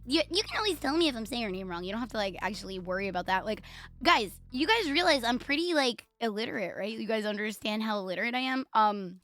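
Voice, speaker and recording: A woman's voice: on the high side, expressive, quick pace, a bit bright, dry recording. A woman with a Puerto Rican accent chatting casually on a live stream, playful, profane and teasing herself and her viewers.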